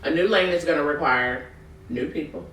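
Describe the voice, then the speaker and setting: A woman hosting a podcast, telling stories in a lively way and acting out other people's voices with frequent laughter. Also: sits low, normal speed, a little hiss or hum. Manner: animated storyteller acting out voices, laughing often. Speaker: podcast host. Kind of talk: casual podcast chat. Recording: roomy, distant mic.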